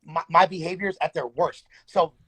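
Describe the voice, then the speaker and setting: A man's voice: a little high, fairly even intonation, moderate pace, fairly bright tone, slight background noise, poor audio. A man in casual podcast chat, slangy and profane, often stammering and restarting his sentences. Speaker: podcast co-host.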